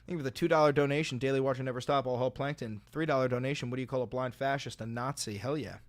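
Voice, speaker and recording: A man hosting a livestream and reading out donations, talking sarcastically, bursting into loud mocking rants and dropping to low dry replies. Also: racing.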